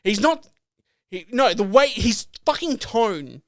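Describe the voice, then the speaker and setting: A young man with a fairly high, smooth voice, telling stories over drinks with lots of swearing and animated retelling. The sound is dry and close to the mic. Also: takes it slowly, no echo. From Australia. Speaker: podcast co-host. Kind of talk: casual chat over drinks.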